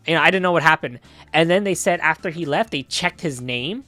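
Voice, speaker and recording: A man streaming a game, telling a story in a loud, rambling, excitable way with swearing. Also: high-pitched, fast, faint music behind. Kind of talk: casual storytelling while playing a game.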